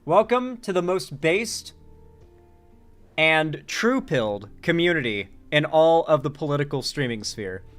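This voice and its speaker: A man with a slightly raised pitch hosts a live political commentary stream, reading chat aloud and answering it. His voice jumps all over as he jokes and swears casually, with faint music playing behind him. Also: a little slow. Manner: animated, joking, swears casually.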